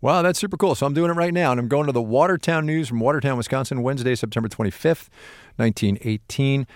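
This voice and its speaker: A man co-hosting a podcast in casual chat, animated and jokey, often exclaiming. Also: medium pitch, fast talker, no room sound, studio quality. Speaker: co-host.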